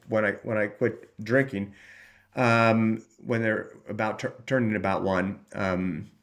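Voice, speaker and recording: A man, a recovery channel host, talks earnestly about his path out of addiction, rambling with frequent restarts and acting out his own thoughts in voices. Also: medium pitch. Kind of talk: personal recovery talk.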